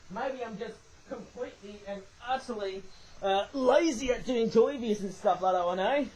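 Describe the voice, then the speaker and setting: A man's voice: high voice, moderate pace, darkish tone, breathy edge, low-quality recording. A man rambling through a casual toy review at home, often tagging lines with "eh" and correcting himself. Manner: rambling, tag questions with "eh", frequent self-corrections. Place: home room with a toy train layout.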